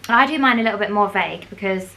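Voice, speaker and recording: A young woman chatting casually to her phone camera as she vlogs, playful and quick to laugh. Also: mid-range voice, gravelly, bright, forceful tone. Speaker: vlogger. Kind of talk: casual vlog chat. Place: outdoors on busy city streets and in a café. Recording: phone recording with street noise. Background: street and traffic noise.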